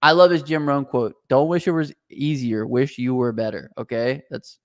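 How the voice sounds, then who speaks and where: Energetic casual man. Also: mid-range voice, moderate pace, no echo, clean studio sound. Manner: energetic, casual, says dude a lot. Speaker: co-host. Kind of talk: casual podcast chat.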